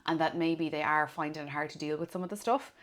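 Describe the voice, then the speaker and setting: Fast-talking low-voiced Irish woman. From Ireland. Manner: animated storyteller, acts out quoted voices. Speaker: podcast guest, former police officer. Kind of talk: casual conversation.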